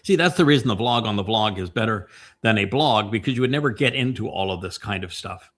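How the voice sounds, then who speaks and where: A male podcast host with a bright, forceful voice talks through his commentary as if thinking aloud. He wanders, stacks fillers and restarts, then slows right down to hammer his key points. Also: lowish voice, animated. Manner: meandering, many fillers and restarts. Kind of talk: casual commentary chat.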